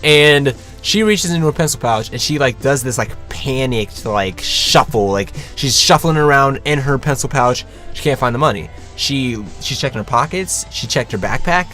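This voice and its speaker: A young man tells a story to his viewers in a casual, lively way, jumping into other people's voices as he goes. His pitch holds to the middle of the male range, and he swears freely. Faint music plays behind him. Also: normal speed, few pauses. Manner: animated, swears freely, acts out quotes. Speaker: vlogger.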